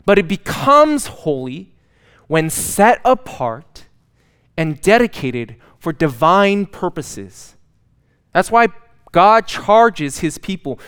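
A man preaches from the pulpit in a relaxed, conversational way, dropping in a bit of self-mocking humor. His voice sits a little high and sounds smooth and clear. He leans hard on repeated words for dramatic emphasis. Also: slow pace. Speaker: pastor. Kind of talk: sermon.

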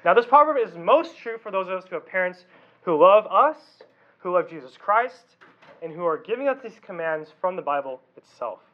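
A man's voice: high voice, animated, moderate pace, muffled recording. A man preaching a casual, conversational youth sermon, often asking the audience questions. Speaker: youth pastor.

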